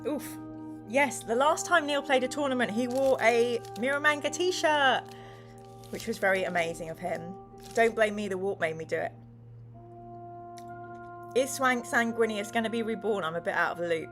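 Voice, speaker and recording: A woman's voice: on the high side, moderate pace, pauses often, music in the background. A woman hosting a livestream, reading viewers' chat messages aloud and narrating a gamebook in a bubbly, giggly way. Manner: giggly, laughs often, bubbly.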